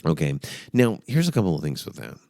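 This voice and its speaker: Comedy host, man, very deep gravelly voice, lively sarcastic delivery, dry close sound. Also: brisk, dry recording. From United States. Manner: sarcastic, profane, animated, puts on mock accents. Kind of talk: rambling comedic advice.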